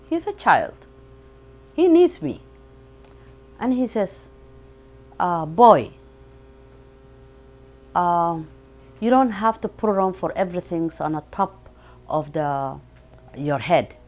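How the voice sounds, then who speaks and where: A woman recounts a personal story in an interview. She speaks slowly, in a low voice, with halting non-native phrasing and frequent fillers. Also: darkish tone. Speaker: parent sharing her experience. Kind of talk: interview testimony.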